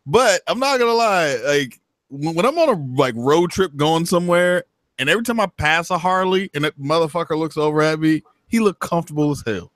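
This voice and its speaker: A man's voice: a little high, moderate pace, dry recording. Guy hosting a live call-in show, bouncy voice, cussing and laughing, dry mic. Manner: animated, swearing, laughing often. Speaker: livestream host taking callers. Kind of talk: casual profane chat.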